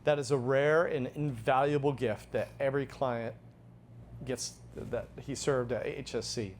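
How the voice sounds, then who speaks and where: A man's voice: medium pitch, steady tone, measured pace, a little hiss or hum. A man delivering a prepared, earnest tribute speech as he presents an award at an event. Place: event venue.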